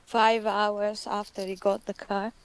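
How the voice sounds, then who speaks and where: A woman's voice: mid-range voice, flat delivery, a little slow, clear, resonant tone, no echo. A middle-aged woman with a mid-range voice talks in a plain, matter-of-fact way. She sounds casual and practical over a computer mic on a call. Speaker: tabletop game player. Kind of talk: casual chat.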